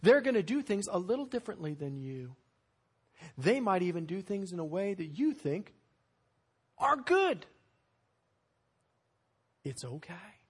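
A man preaching a sermon as pastor, telling stories in an animated way with sudden loud bursts. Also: high-pitched, creaky, slightly rough.

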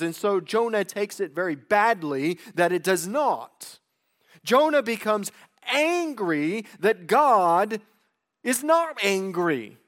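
A man delivering an expository sermon in a notably high voice. He takes his time over each phrase. To stress a point, he lets his voice sink low and go quiet. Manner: deliberate, dropping low and quiet for emphasis. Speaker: preacher.

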